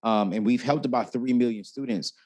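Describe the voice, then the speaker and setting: A talkative man sharing personal finance lessons in an interview. He tells his stories with lively swings in his voice and acts out the people he quotes. His delivery is expressive and easygoing. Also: medium pitch, fairly quick, husky, highs cut off. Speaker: guest, personal finance expert. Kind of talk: animated interview storytelling.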